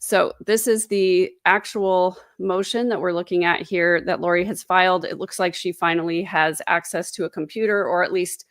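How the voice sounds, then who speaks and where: A woman's voice: lowish voice, fairly even intonation, normal speed, hardly any pauses, no echo, studio quality. A woman hosting a casual true crime livestream from home, chatty and sarcastic. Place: home, indoors. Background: dogs.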